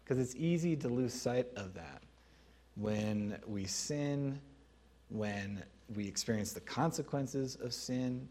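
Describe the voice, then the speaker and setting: A man preaching a sermon as pastor, teaching in a conversational way with pauses. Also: medium pitch.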